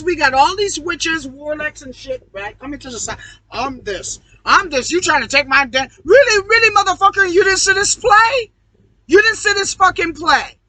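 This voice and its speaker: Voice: sits high, pushed and bright, low-quality recording. A speaker in a heated, profane ranting monologue, preaching at the audience and swearing constantly. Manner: calls the audience "y'all". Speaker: online video host.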